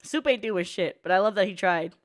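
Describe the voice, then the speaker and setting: A woman's voice: mid-range voice, expressive, brisk. A young woman hosting an anime reaction video, talking in a casual, emotional and profane way. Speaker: anime reaction channel host.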